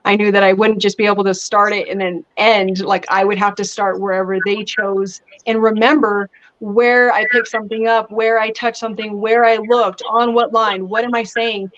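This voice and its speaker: A woman speaks as an interview guest, chatty and expressive as she tells stories at length. Her voice sits in a middle range. The audio is slightly dull and muffled. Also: mid-range voice, moderate pace. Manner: chatty, animated storytelling with laughs. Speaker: guest actress. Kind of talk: casual interview chat.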